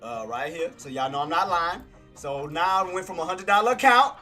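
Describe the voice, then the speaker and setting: A day-trading streamer gives live commentary, excitable and boastful, repeating himself while showing viewers his gains. His voice is fairly high-pitched and brisk, with soft music in the background.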